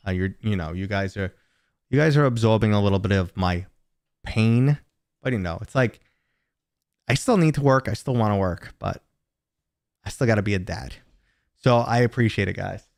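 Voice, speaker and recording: Low-voiced chatty man streaming from home. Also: moderate pace, pauses often, a little mellow, no room sound, studio quality. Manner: rambling, chatty, talks to viewers and his dog. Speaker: gaming livestream host. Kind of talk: casual livestream chat.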